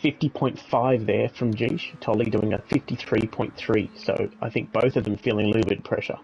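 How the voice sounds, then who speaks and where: A man giving calm, analytical co-commentary on a sim race, with small restarts. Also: lowish voice, a little fast, vocal fry, lo-fi sound, a little hiss or hum. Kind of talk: live sim racing commentary.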